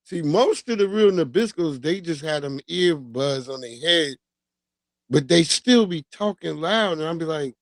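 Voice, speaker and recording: A man hosting a livestream, chatting casually with animated, profane storytelling and laughs. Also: on the high side, a little slow, no echo. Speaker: livestream host. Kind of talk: casual commentary.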